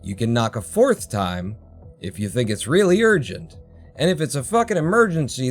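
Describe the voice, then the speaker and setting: A man's voice: mid-range voice, very animated, normal speed, faint music behind. A man hosting a livestream, telling a story as a heated, heavily profane rant from home. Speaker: livestream host. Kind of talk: casual ranting story. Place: home, indoors.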